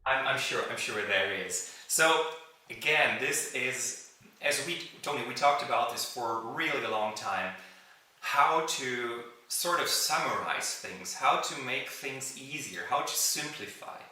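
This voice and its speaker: A man gives a livestream talk as a vocal coach, rambling and restarting his sentences. His voice is very bright and clear in tone. It sounds roomy and echoey, picked up from some distance from the mic. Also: mid-range voice, animated. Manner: chatty, halting, with many restarts and fillers. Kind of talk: livestream presentation.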